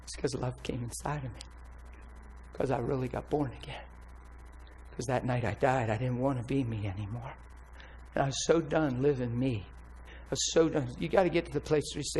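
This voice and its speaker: A man's voice: mid-range voice, normal speed, darkish tone, slight background noise, low-quality recording. A man preaching his testimony in an impassioned, emphatic way. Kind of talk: testimony sermon.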